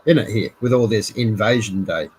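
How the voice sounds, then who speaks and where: A man's voice: on the low side, normal speed, husky, low-quality recording. Rambling sweary man. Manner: rambling, sweary, repeats himself. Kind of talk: casual chat.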